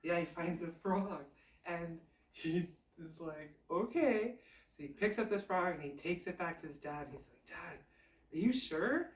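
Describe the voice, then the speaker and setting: A woman telling a fairy tale aloud in a chatty, animated, conversational way. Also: on the low side, moderate pace, roomy sound, distant mic. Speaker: storyteller. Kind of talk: casual oral storytelling.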